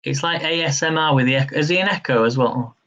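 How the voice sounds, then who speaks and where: A man's voice: on the high side, fast talker, fairly bright tone, lo-fi sound. A man hosting a live-stream quiz, chatty and upbeat, laughing easily as he reads questions and counts down. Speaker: quiz host.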